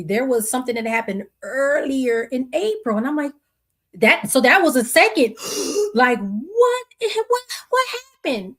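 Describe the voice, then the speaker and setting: A woman in her forties hosting a podcast, telling a personal story in a reflective, conversational way, acting out quotes and restarting her sentences. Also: medium pitch. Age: 40s. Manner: conversational, searching, with many restarts and acted-out quotes. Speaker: podcast host.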